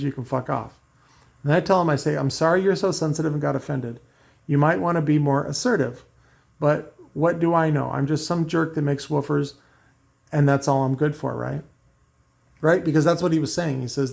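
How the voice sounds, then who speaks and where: A man's voice: a little high, creaky, darkish tone. A man talking in a rambling, profane monologue, reading out messages and restarting his sentences often. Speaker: car audio maker and host. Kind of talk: casual ranting monologue.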